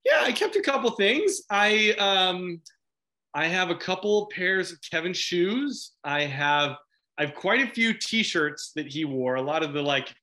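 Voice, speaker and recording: A middle-aged man from Chicago chats as a guest in a casual interview. His voice is bright and forceful, and he laughs often. He rambles, restarting his sentences as he goes. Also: sits high, very animated, unhurried. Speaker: actor guest.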